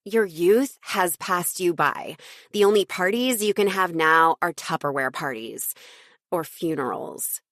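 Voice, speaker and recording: A woman's voice: fairly low pitch, lively intonation, measured pace, a bit bright, no room sound, studio quality. A woman doing a snooty, drawling popular teen girl. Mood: scornful. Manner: drawling, dismissive.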